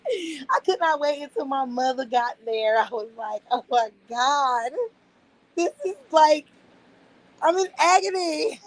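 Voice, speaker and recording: A woman's voice: high voice, rough recording. Chatty woman with a raised voice. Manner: chatty and animated, swears freely, calls the listener "girl". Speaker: vlogger. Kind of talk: casual storytime chat.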